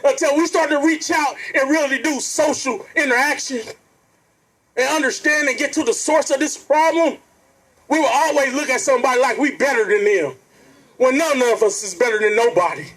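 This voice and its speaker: At an outdoor protest rally, a man delivers an impassioned speech in an extremely high-pitched, slightly bright voice at a moderate pace. Earnest and preacherly, he keeps calling out and speaking directly to the crowd, though the audio is poor.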